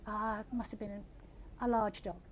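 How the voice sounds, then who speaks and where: Older female author, gentle measured reader at a live event. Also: medium pitch, level tone, slight background noise. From England. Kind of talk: reading aloud then audience Q&A.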